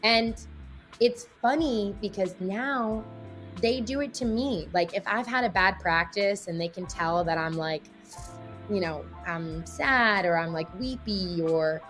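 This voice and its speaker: A woman's voice: mid-range voice, a bit bright. A woman guest talking candidly in an interview, emotional and rambling, with many fillers. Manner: emotional, rambling, heavy use of "like" and "you know". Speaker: guest, athlete and mother.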